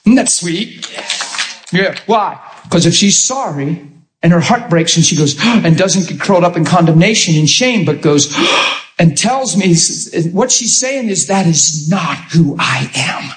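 A man's voice: high-pitched, a little slow, echoey room. A man preaching a sermon, telling stories and acting out what people said to him. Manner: animated storytelling, acting out quotes.

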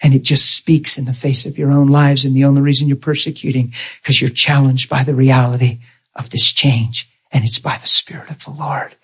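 A man, a pastor, telling a personal testimony in a sermon, animated and leaping into high excited exclamations. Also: normal speed, husky. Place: church sanctuary.

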